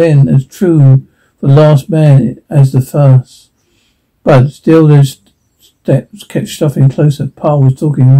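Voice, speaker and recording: A man reading a radio play aloud, slow and reflective, with slips and restarts. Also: on the high side, warm tone, poor audio. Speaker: reader narrating a radio play. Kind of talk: amateur reading of a radio script.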